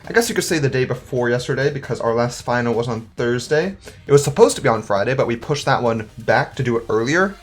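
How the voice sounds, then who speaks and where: A young man in his twenties chats his way through a video game, upbeat and a little rambling. His pitch sits in the middle range, and soft music plays underneath. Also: expressive, fast. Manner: chatty, upbeat and rambling, with self-corrections. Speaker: gaming video host. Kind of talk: casual gameplay commentary.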